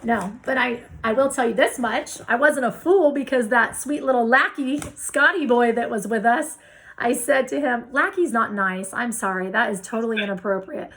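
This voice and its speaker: A woman with a slightly high, gravelly voice tells a story in a casual interview. She acts out what each person said, swinging her voice up and down as she quotes them. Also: moderate pace, low-quality recording. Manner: animated storyteller acting out quoted dialogue. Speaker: real estate investor guest.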